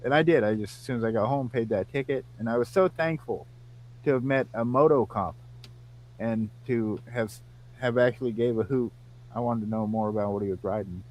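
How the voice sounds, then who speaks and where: A man from Iowa telling an animated story to friends, acting out both sides of the conversation. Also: medium pitch, brisk, highs cut off, a little hiss or hum. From Iowa, United States. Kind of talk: casual storytelling among friends.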